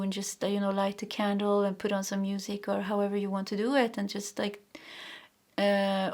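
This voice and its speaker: A Swedish-born woman giving a pick-a-card tarot reading, encouraging and rambling, with many restarts and soft laughs. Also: medium pitch. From Sweden. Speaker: tarot reader.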